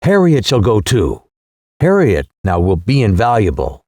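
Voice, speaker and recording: An imperious widow from a storybook, read by a male narrator, decisive and scolding. The voice stays mellow and swings widely in pitch. The sound is dry and close. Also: wildly swooping pitch, a little slow, no echo, exaggerated voice. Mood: commanding. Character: imperious elegant English widow, commanding and indignant.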